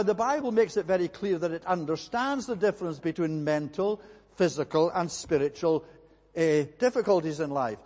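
A man's voice: a little high, a little mellow. A man preaching a sermon earnestly, with emphatic repetition. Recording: long hall reverb.

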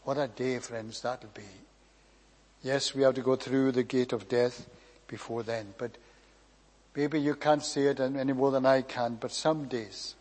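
A man preaching a sermon, measured and emphatic, drawing out key phrases and letting line endings fall quiet. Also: mid-range voice, steady tone. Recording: long hall reverb.

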